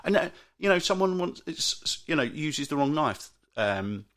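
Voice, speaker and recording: A British man hosting a solo podcast, grumbling in an exasperated rant with frequent restarts and big jumps in pitch. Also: very animated, measured pace, fairly bright tone. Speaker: podcast host. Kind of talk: solo ranting monologue.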